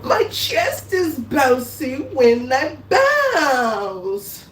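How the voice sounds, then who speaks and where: A woman in a drawn-out, repetitive, mock-wailing comedy riff, half singing her lines. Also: sits high, lively intonation. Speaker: comedic content creator. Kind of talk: improvised sing-song comedy riff. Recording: echoey room, far from mic, faint hum.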